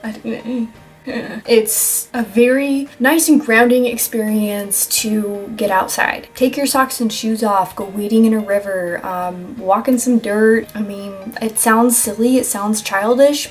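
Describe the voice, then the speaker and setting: A woman's voice: on the high side, moderate pace, few pauses, soft background music. A young woman vlogging casual self-help tips, rambling and joking, with casual swearing.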